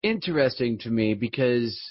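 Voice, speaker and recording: A man's voice: medium pitch, expressive, normal speed, dry recording. A man hosting a podcast interview over a video call, talking bluntly in a folksy way and laughing often. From rural United States. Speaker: podcast host. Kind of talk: casual interview chat. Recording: dull lo-fi sound.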